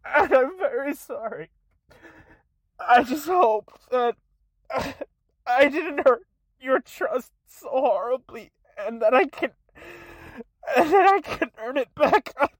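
Young woman creator, higher voice, slow and halting, shaky and close to tears, dry close sound. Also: expressive, dry recording. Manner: halting, breaks off and restarts, repeated apologies. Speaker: content creator. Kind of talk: tearful apology video.

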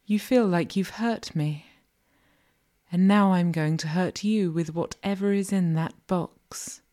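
A woman's voice: lowish voice, warm tone. A woman narrating a second-person erotic audio role-play in a teasing, commanding manner, sometimes dropping to a whisper.

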